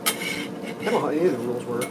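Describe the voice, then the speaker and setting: A young adult man hosts a livestream, chatting casually at a medium pitch and a fast, animated clip. He rambles through profane stories and acts out the voices of people he quotes. The recording is very noisy.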